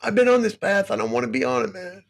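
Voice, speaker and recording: A man's voice: very high-pitched, fairly even intonation, fast, gravelly. A man on a livestream talking in an emotional, agitated way, cursing constantly and swinging between boasting and distress. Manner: boastful, then distressed and pleading. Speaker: guest on a livestream. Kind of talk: emotional casual chat.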